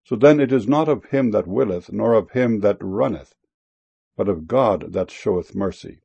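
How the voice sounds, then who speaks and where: Gravelly, husky man reading scripture. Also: on the low side, animated, dark tone, dull audio. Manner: solemn, measured reading.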